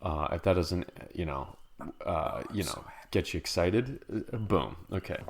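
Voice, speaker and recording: Deep-voiced, rambling joking man. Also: animated, measured pace, a little hiss or hum. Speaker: podcast co-host. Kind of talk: casual chat.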